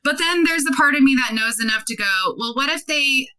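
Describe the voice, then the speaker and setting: Guest in her 30s, a woman with a fairly high, sharp voice, chatty and animated, acts out dialogue. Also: fairly quick, rough recording. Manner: animated, many "like" fillers, acts out quoted dialogue. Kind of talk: casual interview storytelling.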